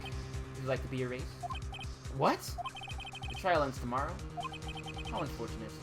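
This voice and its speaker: Lady doing a menacing game villain lady, super low voice, music going behind. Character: cold scheming female film producer, menacing. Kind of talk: reading a game script aloud.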